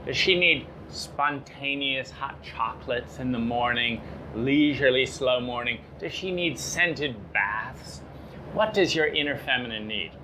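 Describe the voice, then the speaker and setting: A man giving a motivational self-help talk, pausing often with fillers and firing off rhetorical questions. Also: medium pitch, pushed and bright, slight background noise. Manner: slow, halting with frequent fillers.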